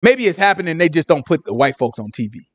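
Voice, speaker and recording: A man giving an informal Sabbath teaching to a congregation, talking in an animated, conversational way full of rhetorical questions. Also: a little high, fast, no room sound.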